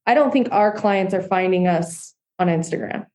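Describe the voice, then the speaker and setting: A woman home builder answering interview questions. Her voice has a mellow, warm tone. She explains things earnestly and steadily, with relaxed fillers. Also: fairly low pitch, moderate pace. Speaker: custom home builder guest.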